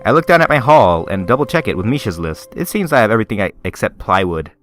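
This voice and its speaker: A man's voice: on the low side, sing-song, fast talker, soft background music. A young man hosting a let's play, reading a visual novel aloud and interrupting with crude, mocking jokes.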